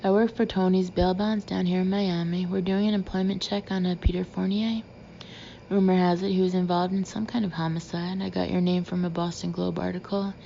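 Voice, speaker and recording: A woman's voice: lowish voice, flat delivery, a little fast, vocal fry, dark tone, lo-fi sound, slight background noise. A woman narrator voicing a woman posing as a bail-bond clerk, with a put-on Southern US twang. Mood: businesslike. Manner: convincing fake twang, businesslike.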